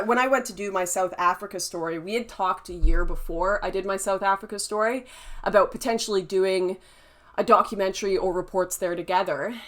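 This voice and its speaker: A woman's voice: mid-range voice, a bit bright. A young adult woman hosting a casual livestream, chatty and laughing often as she reads and answers chat comments. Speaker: livestream host reading chat.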